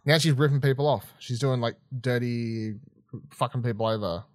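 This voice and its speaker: A man's voice: mid-range voice, normal speed, no room sound, studio quality. A man co-hosting a podcast, reviewing an episode in casual chat, exasperated, swearing and laughing often. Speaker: podcast co-host.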